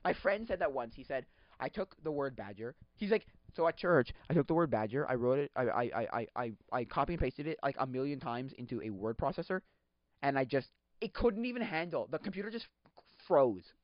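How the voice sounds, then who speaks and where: A man hosting a podcast, chatting casually in a rambling, excitable way, laughing often and acting out quotes. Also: mid-range voice, brisk, no room sound. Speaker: podcast host. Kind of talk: casual solo chat. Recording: dull lo-fi sound.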